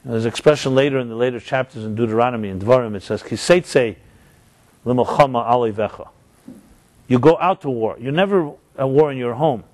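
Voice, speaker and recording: A man's voice: mid-range voice, fairly quick, a little mellow, dry recording. A middle-aged man, a rabbi, giving a Torah lecture, explaining Hebrew terms with rising, emphatic stresses.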